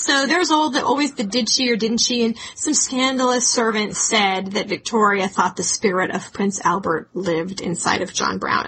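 A woman co-hosting a podcast, telling history in a lively chat with quick asides. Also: fairly high pitch, a little hiss or hum, rough recording. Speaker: podcast co-host.

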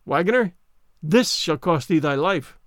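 Storybook sparrow, small and vengeful, taunting sing-song lines, high and lively, read by a man. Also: a little slow, no echo, studio quality. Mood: menacing. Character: mocking vengeful little sparrow.

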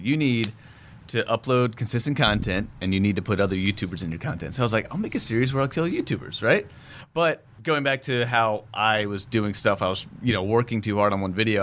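A man's voice: on the low side, a bit bright, slight background noise. A young adult man, a film director guest, telling stories in a casual podcast interview with a chatty manner. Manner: fast, chatty storytelling with frequent laughs.

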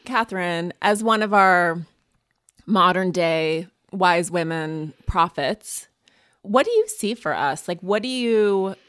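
A woman's voice: fairly low pitch, slow pace, a bit bright, dry recording, clean studio sound. A woman hosting a podcast, telling a candid, self-deprecating story and laughing often. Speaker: podcast host. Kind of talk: casual conversation and read ad.

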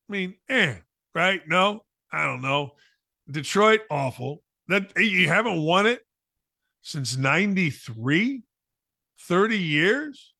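A man with a bright, forceful voice, slightly high for a man, hammers home his sports opinions in a talk-show monologue. He repeats points for emphasis and slips into mocking asides. His voice sounds close and dry, with no room around it. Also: vocal fry, no echo.

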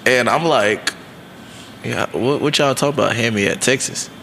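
A man's voice: mid-range voice, moderate pace, creaky, sharp tone, a little hiss or hum. A young man, a college football player, in casual, playful podcast chat, full of fillers and teasing. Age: young adult. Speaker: guest, college football linebacker.

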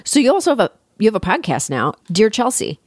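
A woman's voice: medium pitch, very animated, quick pace, slightly rough. A woman hosting an interview, amused and reactive as she prompts her guest with questions. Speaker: host.

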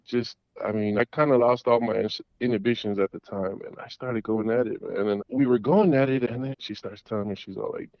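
A middle-aged man phones in and tells a long story in a rambling, halting way, tripping over restarts and fillers. His voice comes through a dull, lo-fi call line. The sound is dry and close, with no room around it. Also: medium pitch, dry recording. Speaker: caller. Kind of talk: casual storytelling.

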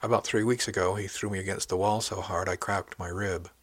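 A man voicing a frightened young village wife who speaks softly and hesitantly, with a husky voice. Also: sits low, fairly even intonation, brisk, no echo.

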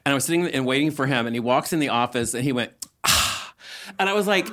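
A man's voice: on the high side, quick pace, noisy background. A middle-aged man from the South, delivering a stand-up rant that acts out other people's lines and swears freely. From Southern United States. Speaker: comedian guest.

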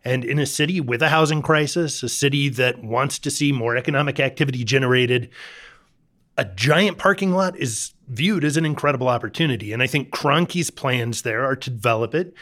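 A man's voice: mid-range voice, fairly quick, fairly bright tone. A man, a reporter guest on a talk show, explaining a topic in a thoughtful, detailed way. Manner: thoughtful, explanatory, occasional restarts.

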